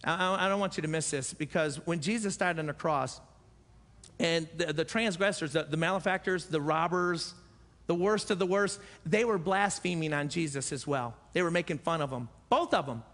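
A man's voice: fairly high pitch, moderate pace, fairly bright tone. A man preaching a sermon as pastor, earnest and repeating phrases for emphasis. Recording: echoey church hall.

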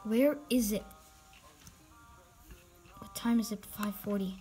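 A woman giving excitable live gameplay commentary as a channel host, reacting loudly and dropping to whispers when sneaking. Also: mid-range voice, slow pace, soft background music.

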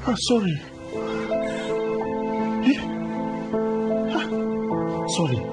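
An actor with a Nigerian accent playing an indignant married man who shouts an unwanted woman out of his house. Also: high-pitched, big pitch swings, drawn-out words, heavily acted. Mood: outraged. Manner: shouting, agitated and exclamatory. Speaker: married man fending off an intruder. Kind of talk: film drama acting. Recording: film scene with music score underneath. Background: music.

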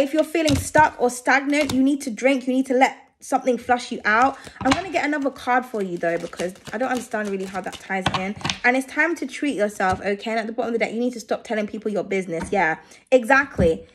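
A woman with a notably high voice talks through a tarot reading in a loose, conversational way. She reassures her listeners and keeps checking in with them as she goes. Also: a little hiss or hum. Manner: chatty and reassuring, with frequent "okay?" and "I feel like". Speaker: tarot reader. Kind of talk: casual tarot reading for viewers.

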